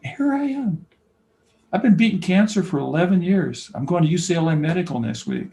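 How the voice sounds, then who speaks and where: An older man speaks with a gravelly, rough-edged voice. He tells stories in a conversational interview, acting out what people said and swinging from near-shouting to a whisper. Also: fairly high pitch, fast, a little hiss or hum, poor audio. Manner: animated storyteller, acts out quoted dialogue, swings from loud to whispering. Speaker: basketball coach and camp founder, guest.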